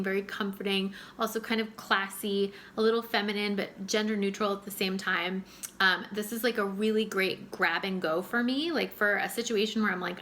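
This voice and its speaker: A woman chats to camera, gushing and full of fillers. Her voice sits at a middle pitch and sounds bright and forward. A faint hiss runs under the recording. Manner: gushing, chatty, many fillers. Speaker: fragrance reviewer. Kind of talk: casual chat to camera.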